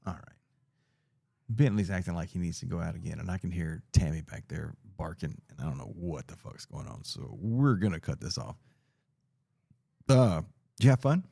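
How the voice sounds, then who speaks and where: Male podcast host, casual and loose, cusses freely, low voice, dry close sound. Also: animated, normal speed, vocal fry, mellow, slightly rough, no room sound. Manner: laid-back, laughs often, swears freely. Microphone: podcast mic on a mixer.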